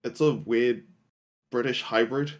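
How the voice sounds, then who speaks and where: A man in casual conversation with a friend who is streaming. His voice sits at a middling pitch, and he keeps a laid-back, dry manner. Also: steady tone, unhurried. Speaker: friend on a call. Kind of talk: casual chat.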